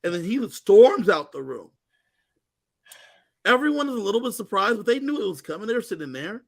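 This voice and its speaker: A man co-hosting a casual recap chat, telling the story with animated energy. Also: sits high, a little fast. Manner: animated storytelling, acting out quoted lines. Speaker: co-host.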